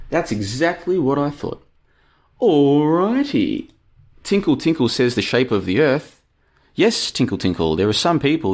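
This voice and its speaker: A man hosting a live-stream podcast, talking casually and reading chat, with an animated, rhetorical way of speaking. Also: medium pitch. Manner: chatty, animated, rhetorical questions.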